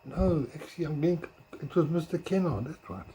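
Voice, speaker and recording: A man telling stories from his school days in a rambling, casual way. He corrects himself and searches his memory aloud, sometimes talking softly. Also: fairly high pitch, lively intonation, fairly quick, slightly rough, rough recording. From South Africa. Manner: talks softly at times. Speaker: blogger. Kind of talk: casual storytelling.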